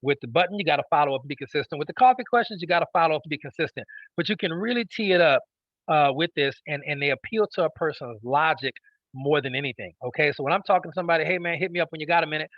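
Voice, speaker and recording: Teaching salespeople, this man speaks fast and expressively at a fairly high pitch, hammering home key phrases and asking "okay?" to check in with listeners. The audio is dull and has no room sound.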